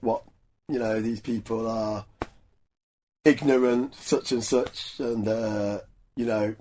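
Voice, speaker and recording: A man's voice: mid-range voice, darkish tone, a little hiss or hum. A man being interviewed for a documentary, telling his childhood story in a reflective, earnest way.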